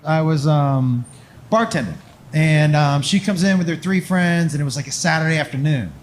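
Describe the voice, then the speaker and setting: A man's voice: on the high side, moderate pace, a little hiss or hum. A man telling a stand-up story on stage, acting out other people's voices and sound effects. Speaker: stand-up comedian. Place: live comedy club.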